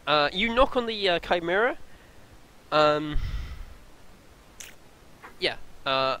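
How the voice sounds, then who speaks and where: A man narrating a tabletop game as game master, pausing and filling gaps as he describes each scene. His voice is bright and a little high. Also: animated, a little hiss or hum, rough recording. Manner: halting, with many fillers.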